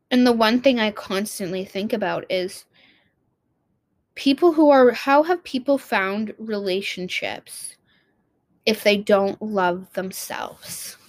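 A woman's voice: medium pitch, dry recording. A young woman vlogging in a casual, heartfelt monologue, rambling and restarting her sentences and swearing casually.

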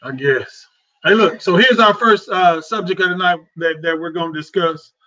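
A man's voice: high voice, moderate pace, sharp tone. A man hosting a casual talk show, speaking in a heartfelt, repetitive, conversational way. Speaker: host. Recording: dull lo-fi sound.

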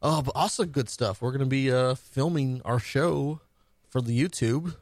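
A man co-hosting a casual podcast, quick and enthusiastic, laughing often. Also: medium pitch, a little mellow, no echo, studio quality. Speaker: podcast co-host. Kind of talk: casual chat.

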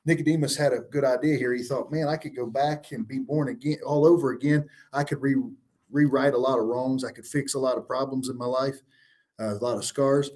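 A man of middling pitch teaches as a guest on a religious talk show. He reads old-style scripture aloud, then explains each verse in earnest, plain language. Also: fairly even intonation, brisk, a little mellow.

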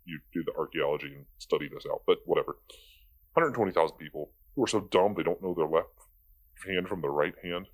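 Fairly quick and deep, the voice belongs to a young video commentator venting in a casual, sarcastic rant. He sounds exasperated and curses without restraint.

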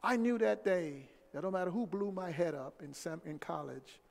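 Middle-aged man, high and gravelly, emphatic storyteller recorded in a reverberant hall. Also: normal speed. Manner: animated, emphatic, repeats key phrases. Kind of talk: personal storytelling. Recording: echoey hall with long reverb.

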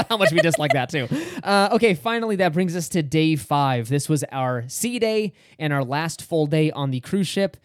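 A man's voice: on the high side, moderate pace, few pauses, no echo, clean studio sound. A young man co-hosting a podcast, telling a story in casual chat and acting out what people said. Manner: animated, acts out quoted dialogue. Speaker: podcast co-host.

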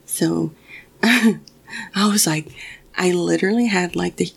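A woman's voice: lowish voice, slow pace, gravelly, husky. A young woman telling a personal story casually, swearing often and restarting her sentences. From Mexican family.

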